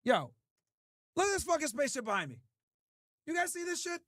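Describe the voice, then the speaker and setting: A man's voice: very high voice, big pitch swings, fairly quick, fairly bright tone, no echo, clean studio sound. A man hosting a livestream in casual talk, profane and ranting as he answers his chat. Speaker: streamer host.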